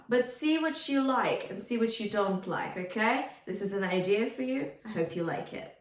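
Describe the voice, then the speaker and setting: A woman's voice: mid-range voice, animated, normal speed. A woman vocal coach giving encouraging feedback on singing, now and then singing short phrases to demonstrate. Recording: roomy, from a distance.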